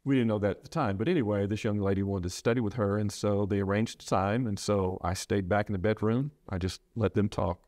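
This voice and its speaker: Low-voiced earnest preacher man. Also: steady tone, darkish tone, dry recording, studio quality. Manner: earnest, halting with repeated restarts. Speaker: preacher sharing his loss. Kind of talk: reflective interview talk.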